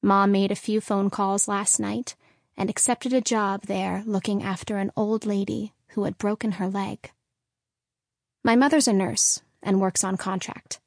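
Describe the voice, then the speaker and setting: A woman narrating a children's novel in first person, with steady, measured storytelling. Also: medium pitch, vocal fry, no room sound, clean studio sound. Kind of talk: audiobook narration.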